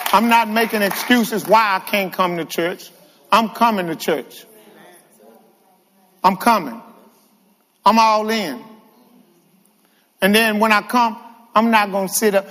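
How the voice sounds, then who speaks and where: Speaking a little slowly, a high-voiced guest preacher gives an animated, funny church sermon and calls out to the congregation. A long hall reverb fills the sanctuary.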